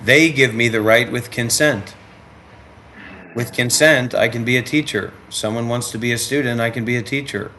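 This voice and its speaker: A man's voice: medium pitch, fairly even intonation, moderate pace, sharp tone, a little hiss or hum. A man hosting a livestream who talks bluntly and combatively and trades insults. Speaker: livestream host. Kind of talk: livestream chat.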